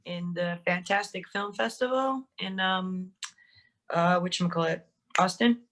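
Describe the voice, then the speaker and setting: She speaks in a fairly low voice at a measured pace. As an actress and director guesting on a podcast, she tells set stories loosely, laughing, swearing and acting out quotes with animation.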